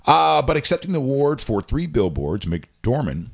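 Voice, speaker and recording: A man's voice: on the high side, big pitch swings, fast, creaky, few pauses. A man co-hosting a casual talk show, rambling and reading news items aloud with his own asides. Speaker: show co-host. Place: home.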